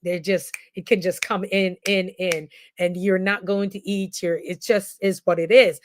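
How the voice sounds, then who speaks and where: A woman, a nurse and coach, hosting a casual live stream and talking straight to her viewers with lively, frequent laughter. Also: fairly low pitch, a little slow, a little hiss or hum. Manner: animated, laughs often, speaks straight to viewers. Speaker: host. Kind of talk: casual livestream talk to viewers. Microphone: computer mic on a live stream.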